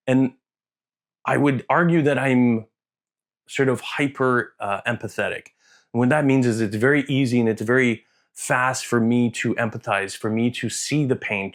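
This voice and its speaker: Male vlogger, mid pitch, chatty and emotional, jumps around and mimics voices. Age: adult, served in the military. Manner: rambling, self-interrupting, emotional and earnest; acts out quoted voices with big pitch jumps. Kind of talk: casual vlog monologue.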